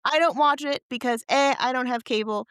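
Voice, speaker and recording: A woman co-hosting a podcast, chatting casually, excitable and rambling, laughing often. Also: high voice, fairly quick, clear, resonant tone, dry recording, clean studio sound. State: tired. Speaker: podcast co-host. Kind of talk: casual chat.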